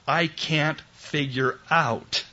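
A male preacher gives a sermon slowly and deliberately, his bright, forceful voice a little high and steady in tone. He moves between loud, emphatic lines and hushed, tender quotes. The recording sounds dull and lo-fi.

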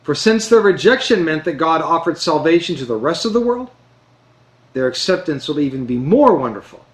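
A man preaching a sermon, earnest and emphatic, slowing down to stress key phrases. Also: a little high, very animated. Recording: roomy echo.

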